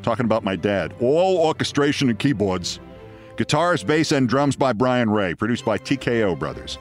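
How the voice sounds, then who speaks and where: A middle-aged man with a New York accent hosting a podcast, telling a story with a wry, deadpan delivery and signing off the show. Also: fairly low pitch, a little fast, soft background music. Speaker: podcast host. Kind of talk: storytelling monologue and show sign-off.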